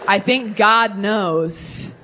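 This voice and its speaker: A young adult woman doing a stand-up set with crowd work, animated and self-deprecating, with quick asides. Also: mid-range voice, a little hiss or hum. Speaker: stand-up comedian. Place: theater stage with live audience.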